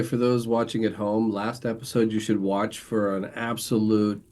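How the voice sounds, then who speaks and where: A man's voice: lowish voice, a little mellow. A man playing a tabletop game in casual, joking chat. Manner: joking, playful. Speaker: player.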